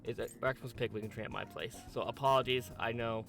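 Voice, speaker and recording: A young man talks through his gameplay in a relaxed, easygoing tone. He is self-deprecating and casual, with faint music behind him. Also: medium pitch, fast talker, vocal fry. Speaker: gaming streamer.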